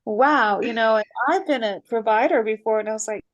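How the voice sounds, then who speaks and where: A woman retreat guest telling an emotional story in casual conversation, animated and expressive. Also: a little high, fast talker, muffled recording.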